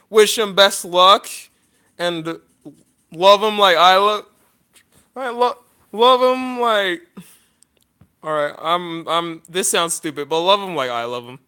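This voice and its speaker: Male vlogger, high clear voice, emotional, rambling, apologetic, lots of false starts. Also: slow, long pauses, sharp tone. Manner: rambling, apologetic, many restarts. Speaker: YouTuber. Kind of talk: casual vlog monologue.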